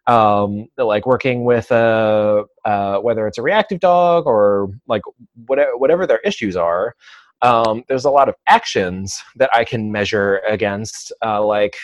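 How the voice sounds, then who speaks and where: A man who works as a dog trainer, speaking as an interview guest in a thoughtful, measured way, pausing often with "um" and "uh". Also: lowish voice, no echo. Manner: thoughtful, measured, many "um" and "uh" pauses. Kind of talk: conversational interview.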